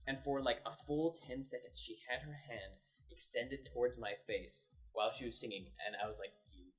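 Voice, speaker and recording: A man's voice: medium pitch, a little fast, poor audio. A young man chatting casually while gaming, telling a long story full of "like" fillers. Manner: rambling storyteller, lots of "like" fillers. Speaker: co-host.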